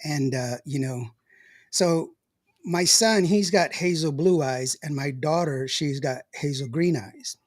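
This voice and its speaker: Older man, husky, dry close sound, rambling and laughing podcast host. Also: on the high side, slow pace, no echo. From West Texas. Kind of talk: casual chat, reading live comments.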